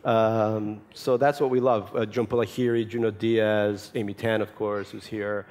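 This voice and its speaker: A man's voice: on the low side, flat delivery, moderate pace, a little mellow. A man in his forties, from Russia, answering audience questions at a festival talk with wry, self-mocking humor. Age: 40s. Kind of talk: live festival Q&A, joking.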